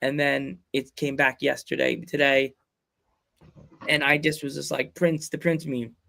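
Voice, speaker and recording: A man's voice: medium pitch, flat delivery, measured pace, creaky, sharp tone. A man hosting a podcast, telling rambling, jokey stories in casual chat. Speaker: podcast host.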